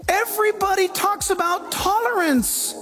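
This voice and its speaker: A man pastor preaching a sermon in an animated way, acting out quoted voices. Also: very high-pitched, moderate pace, faint music behind.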